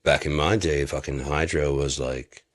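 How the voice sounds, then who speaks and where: A man's voice: a bass voice, steady tone, normal speed. A man from Michigan talking in a loose, profane, rambling monologue, often breaking into laughter. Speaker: vlogger.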